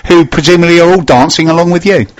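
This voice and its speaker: A man hosting a live business radio show, trading quick teasing banter with his co-host. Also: a little high. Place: radio studio.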